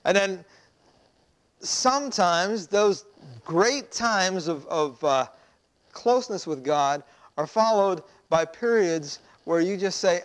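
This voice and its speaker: High-voiced man preaching a sermon. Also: animated, takes it slowly. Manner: conversational preaching with rhetorical questions. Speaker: pastor.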